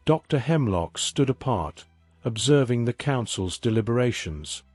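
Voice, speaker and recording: A man giving a scripted story narration in a measured, even reading. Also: mid-range voice, no room sound, soft background music.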